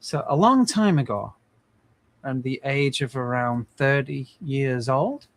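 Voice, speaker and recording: A man in his forties hosts a casual livestream, speaking slowly in an animated, mid-range voice. He comes across as earnest and rambling, with many restarts.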